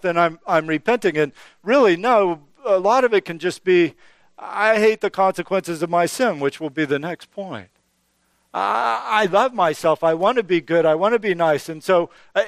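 A man's voice: fairly high pitch, smooth, dry recording. A middle-aged man preaching a sermon as pastor, earnest and conversational, often restarting and building emphasis.

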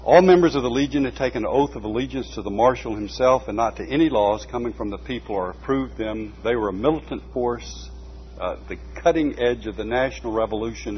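Guy reading a book out loud, mid-pitched voice, muffled sound with a faint hum. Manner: measured reading, breaks off for short asides. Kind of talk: reading a book aloud with asides. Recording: dull lo-fi recording with faint hum.

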